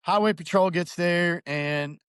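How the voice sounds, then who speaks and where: A man's voice: high-pitched, a little slow, smooth, dry recording, studio quality. A man telling a personal story in casual chat, acting out what others said. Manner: animated, acts out quoted voices. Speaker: podcast guest.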